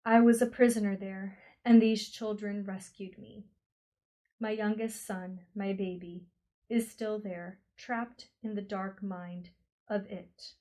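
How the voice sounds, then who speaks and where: A woman voicing a grave, steady father who speaks slowly and distinctly. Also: mid-range voice, lightly acted.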